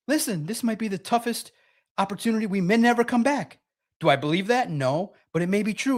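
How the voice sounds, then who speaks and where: Live-stream sports host, male, slightly high voice, animated and sarcastic, reads chat aloud. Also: a little fast.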